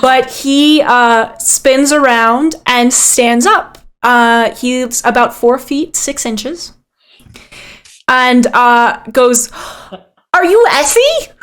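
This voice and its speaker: A woman narrating a tabletop game as game master, describing scenes in an unhurried way with frequent ums. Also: fairly high pitch, steady tone, a bit bright, smooth.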